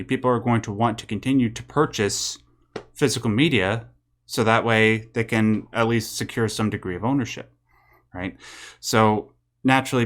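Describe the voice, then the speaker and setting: Low-voiced male podcast co-host. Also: fairly bright tone. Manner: conversational, hands questions to co-host. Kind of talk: casual podcast commentary.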